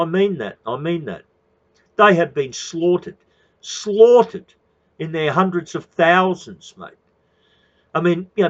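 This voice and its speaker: Profane, fired-up Australian man. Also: fairly high pitch. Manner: profane, repetitive, calls listeners "mate". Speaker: activist speaking to followers. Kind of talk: impassioned rant. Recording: dull lo-fi recording.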